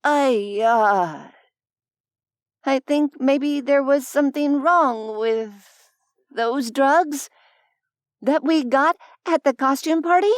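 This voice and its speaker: Woman narrator doing a groggy, croaky young woman, slow and halting; dry recording. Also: high-pitched, no room sound. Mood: dazed. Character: dazed, queasy young woman.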